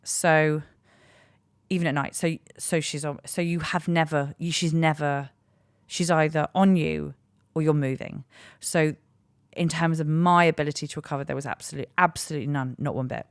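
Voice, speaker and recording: A woman in her thirties with a low voice tells a story with frank, self-mocking humour. She rambles and restarts her sentences as a comic podcast host. She is recorded dry and close on a studio mic. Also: brisk, dry recording. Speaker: podcast host and stand-up comedian.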